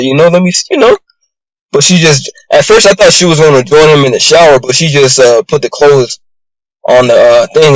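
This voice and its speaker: A man's voice: medium pitch, dry recording, low-quality recording. A man giving a casual, rambling recap of a show episode, full of fillers like "you know" and "bro". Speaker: YouTube show reviewer.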